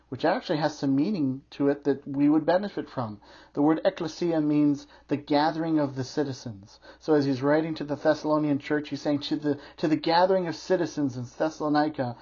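A man's voice: fairly high pitch, darkish tone, breathy edge, highs cut off. A man preaching a sermon as pastor, earnest and emphatic, explaining scripture with teaching asides.

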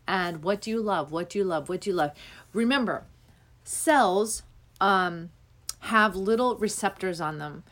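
A young woman hosting a spiritual podcast, talking earnestly and rambling, with many fillers. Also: mid-range voice. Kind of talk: casual spiritual talk.

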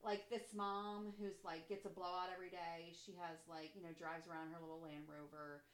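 A woman's voice: lowish voice, moderate pace. A woman co-hosting a casual chat show, talking in a loose, profane way with lots of "like". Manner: profane, frequent "like", animated gossipy delivery. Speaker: podcast co-host. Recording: echoey room.

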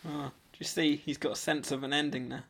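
A man's voice: a little high, flat delivery, a little fast, vocal fry, fairly bright tone. A man co-hosting a podcast, telling stories with frequent laughter and teasing his co-host. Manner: giggly, storytelling, teasing. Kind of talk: casual film chat.

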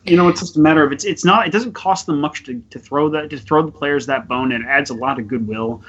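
A man's voice: fairly high pitch, fast talker, a bit bright, slightly rough, dull audio. A man co-hosting a podcast in casual chat, rambling and sweary, with many restarts. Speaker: podcast co-host.

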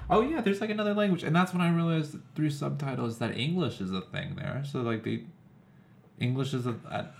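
A man's voice: a little high, fairly quick, creaky. A man co-hosting a casual comedic recap chat, rambling with hedges and sarcastic asides. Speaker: podcast co-host.

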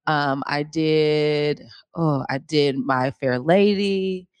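A woman actress talking casually in an interview, laughing often and animated. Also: deep voice, very slow, dry recording. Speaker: guest actress.

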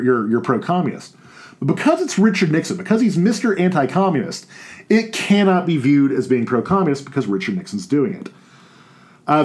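A male history teacher talks through a recorded lecture in a loose, conversational way. He digresses often and leans on fillers and restarts. His voice sits at an ordinary middle pitch.

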